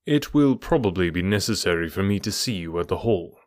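A man voicing a shrewd, cool middle-aged detective who speaks in a bland, measured way. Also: low-pitched, animated, no room sound, clean studio sound. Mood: blandly probing.

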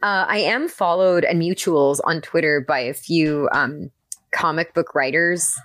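A woman with a low voice chats on a podcast as a guest voice actress, talking eagerly and rambling a little, with many fillers. The sound is dry and close, with no room echo around it. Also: a little slow, a bit bright. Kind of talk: casual podcast chat.

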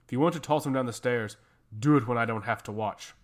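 A man's voice: medium pitch, fast talker, lightly acted. A man voicing a middle-aged noble father who is curt and dismissive, talking through a mouthful of food in a fantasy story. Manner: curt, talks with his mouth full.

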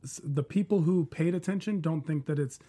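A man's voice: fairly high pitch, a little fast, mellow. A man on a casual panel discussion, giving opinionated arguments point by point. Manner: opinionated, argues in numbered points.

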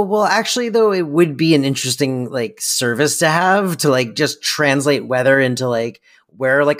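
A woman co-hosting a podcast, chatting casually with thoughtful, drawn-out asides. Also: sits low. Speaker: podcast co-host. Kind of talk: casual chat.

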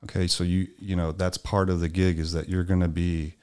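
A man with a very low, deep voice talks candidly in a relaxed chat, swearing freely. He tells personal stories and acts out the lines of the people in them. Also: brisk, clean tone. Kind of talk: candid conversational storytelling.

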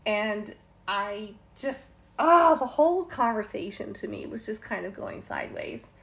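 Woman, casual storytelling, chatty, mid pitch, faint background noise. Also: expressive, measured pace, creaky, a bit bright. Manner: chatty, laughing asides, quotes others in passing. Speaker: vlogger.

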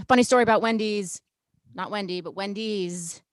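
A woman's voice: medium pitch, normal speed, dry recording. A young woman co-hosting a casual podcast, chatty and teasing. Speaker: podcast co-host.

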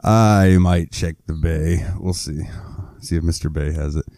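Very deep-voiced, laid-back man. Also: measured pace, warm tone, no echo, clean studio sound. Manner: laid-back, rambling storyteller. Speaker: podcast co-host. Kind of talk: casual chat.

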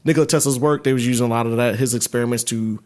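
A man's voice: mid-range voice, rapid-fire. Casual man in a laid-back chat. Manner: relaxed, profane, laughs along. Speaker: podcast co-host.

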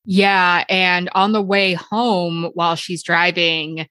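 A woman co-hosting a podcast, retelling film scenes in a measured, explanatory way. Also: lowish voice, little pitch movement, pushed and bright, no room sound. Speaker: podcast co-host. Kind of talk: casual chat, film recap.

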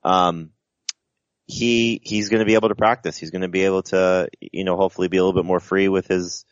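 A man co-hosting a sports podcast, talking in a rambling, halting way with many restarts. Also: low voice, flat delivery, no echo, dull audio. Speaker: podcast co-host. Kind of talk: casual sports podcast chat.

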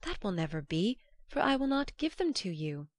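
A woman's voice: mid-range voice, very animated, normal speed, dry recording, pitched above the performer's own voice. A woman reading aloud, voicing a fair, simple young goddess who speaks earnestly and pleads. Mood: pleading.

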